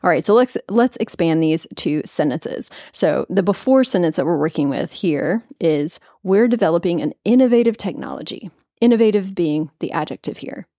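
A lower-pitched woman hosts a podcast lesson on writing and explains each point plainly. She keeps checking in with her listeners as she goes. The sound is dry and close, with no room echo. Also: animated, normal speed, hardly any pauses, warm tone. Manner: clear explanatory teaching, frequent "right?" check-ins. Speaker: podcast host.

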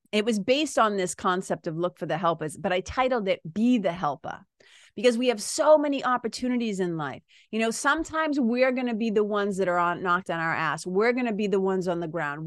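A woman's voice: mid-range voice, fairly bright tone, no room sound, studio quality. A woman podcast host telling a personal story in a candid, casual way, often asking "right?" and swearing now and then.

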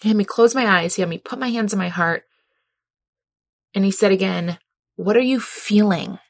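A woman reflects earnestly and heartfelt on a personal experience, laughing often as she tells it. Her voice is medium-pitched and brisk.

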